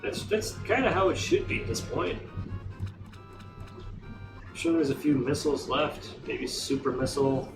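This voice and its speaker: Animated, rambling man gaming. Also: on the high side, moderate pace, long pauses, far from the mic. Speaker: gamer streamer. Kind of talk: let's play commentary. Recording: roomy, off-mic, game music behind.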